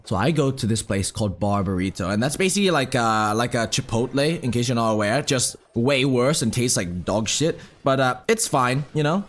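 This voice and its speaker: Speaking fairly quickly at a medium pitch and barely pausing, a young man comments on his gameplay while drifting through a casual story. He swears a lot, uses slang, gets worked up, and murmurs about each move.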